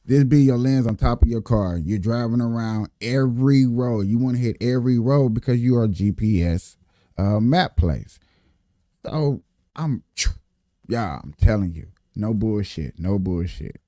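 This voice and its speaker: A man casually telling a story to his viewers, animated and repetitive, often addressing them directly as y'all. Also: mid-range voice, unhurried, no room sound, clean studio sound. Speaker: vlogger telling a work story.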